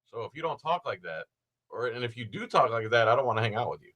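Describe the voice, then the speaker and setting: A man with a bright, forward voice talks through a video in a loose, meandering way. He drops dry, sarcastic remarks as he goes, casual and unscripted. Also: medium pitch, big pitch swings, quick pace. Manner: rambling, sarcastic asides. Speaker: host.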